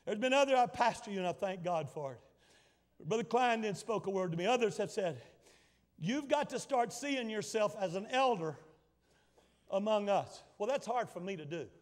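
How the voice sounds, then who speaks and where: A man in his sixties preaching a sermon as pastor, building his lines into dramatic shouted repetitions. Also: high voice, expressive, normal speed. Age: 60s. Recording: long hall reverb.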